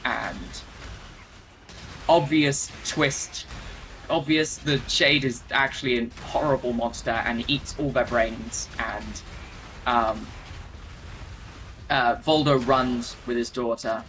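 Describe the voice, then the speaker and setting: A man casually retelling a game's story as he plays, rambling with plenty of fillers and restarts. His voice is bright and forward at an ordinary pitch. A faint background hum sits under him. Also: fairly even intonation, slow, long pauses, low-quality recording. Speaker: gamer retelling game lore. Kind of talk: casual storytelling while playing.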